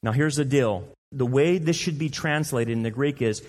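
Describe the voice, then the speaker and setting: A man's voice: medium pitch, moderate pace, hardly any pauses, long reverb tail. A male pastor preaching a sermon, emphatic and fond of rhetorical questions. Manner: emphatic, rhetorical questions, mocking quoted voices.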